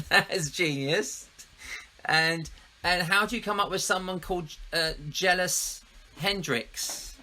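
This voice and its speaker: A man's voice: high voice, takes it slowly, sharp tone. A man hosting a casual interview, chuckling and enthusiastic. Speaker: host.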